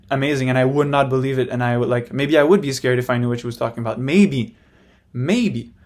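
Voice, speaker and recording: A young man talks to camera in a loose, rambling personal monologue, speaking frankly and stopping often to restart his thoughts. His voice sits at an ordinary, middling pitch for a man. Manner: rambling, frank, full of fillers. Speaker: vlogger.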